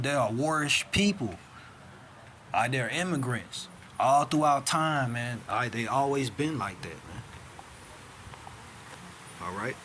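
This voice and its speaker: A man giving an informal lesson at an everyday pitch, checking in every few phrases with "all right?" and "man." He reads passages aloud, then breaks off to ask a question and answer it himself. There is a faint hum of noise behind him. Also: sharp tone. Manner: peppers talk with "all right?", "man" and "see that?"; street-casual grammar. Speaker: self-styled teacher. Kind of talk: informal teaching, reading documents aloud.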